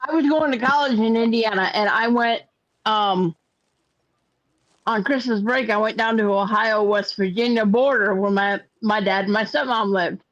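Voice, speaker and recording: A woman's voice: medium pitch, normal speed, fairly bright tone, dry recording, muffled recording. An older woman hosting a casual crochet chat stream, telling rambling stories and repeating words as she goes. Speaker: host of a crochet chat livestream.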